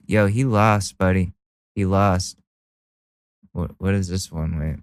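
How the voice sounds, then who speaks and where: Sarcastic young man, smooth low voice. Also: little pitch movement, a little slow, pauses often, no echo. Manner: sarcastic, profane, laughing often. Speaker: commentary streamer. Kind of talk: mocking reaction commentary.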